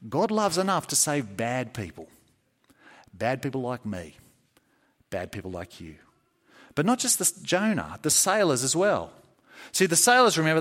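A man preaching a sermon to a congregation with children, telling stories with lively, acted-out scenes. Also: a little high. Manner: animated storytelling, acts out scenes with shouts and mock laughs.

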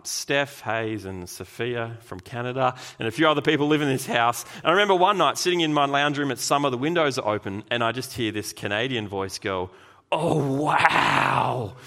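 Emphatic male pastor preaching. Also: mid-range voice. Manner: lively, emphatic preaching with sudden loud bursts. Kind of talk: sermon.

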